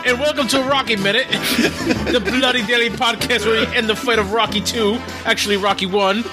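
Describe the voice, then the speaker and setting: A man's voice: a little high, slow pace, music in the background. A man putting on a British accent as a cheery character named Neil, greeting in a sing-song way. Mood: giggly.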